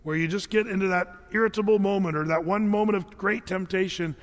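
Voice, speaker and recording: A male pastor preaching a sermon in a lively, conversational storytelling manner. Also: high-pitched, brisk. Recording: echoey hall.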